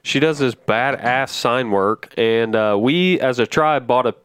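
A man's voice: medium pitch, measured pace, fairly bright tone, smooth, no echo. A man co-hosting a podcast, chatting casually as a rambling storyteller who swears freely. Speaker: podcast co-host. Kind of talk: casual chat.

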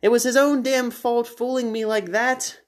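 A man puts on a wild-eyed, obsessive Bigfoot hunter with a pompous, theatrical delivery, pitched well above a normal speaking voice. He is indignant and grandiose in this comic storybook reading. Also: steady tone, moderate pace.

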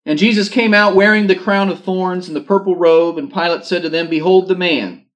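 A man's voice: sits high, a little fast, a bit bright, lo-fi sound. Man preaching, reading scripture aloud. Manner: reads scripture aloud, then adds informal asides. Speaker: pastor. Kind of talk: sermon reading scripture with commentary.

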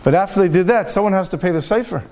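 High-voiced rabbi telling a story. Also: male voice, rapid-fire. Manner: lively storyteller acting out dialogue. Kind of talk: Torah talk, storytelling.

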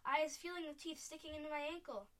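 A woman's voice: on the high side, racing, natural voice. A woman voicing a huge cruel male giant who bellows in garbled grammar. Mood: panicked.

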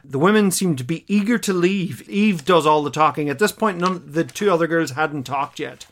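In a slightly high, fairly bright voice, a man casually recaps an episode like a podcast co-host reacting to a show he's seeing for the first time. He's chatty and hesitant, stopping and restarting often, with lots of fillers and laughter mixed in.

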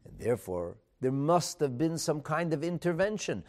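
Brief: male Talmud teacher, lively swooping delivery, fairly high voice, emphatic rhetorical questions. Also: normal speed, few pauses. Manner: mixes in Hebrew and Aramaic terms. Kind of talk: Talmud class lecture.

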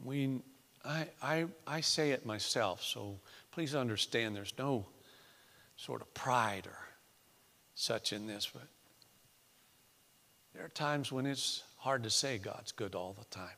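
A man preaching a sermon in a church, swinging between hushed, intimate lines and loud, emphatic ones. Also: mid-range voice, slow, creaky, long pauses. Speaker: pastor. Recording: echoey church hall.

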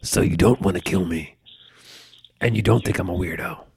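A man's voice: sits low, moderate pace, vocal fry, crowd noise. A man co-hosting a podcast in casual, jokey banter with his co-host. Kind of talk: casual chat.

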